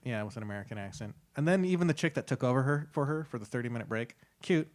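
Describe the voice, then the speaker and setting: A man co-hosting a casual podcast, telling stories in a relaxed way and laughing often. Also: medium pitch, fast talker. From San Diego area, California. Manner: laid-back storytelling, laughs often. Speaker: podcast co-host. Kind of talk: casual chat.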